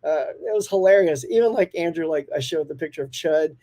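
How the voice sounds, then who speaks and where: A man's voice: fairly high pitch, animated, a little fast, mellow. A man hosting a casual morning live-stream chat, upbeat and talkative, laughing often as he reads out and answers viewer comments.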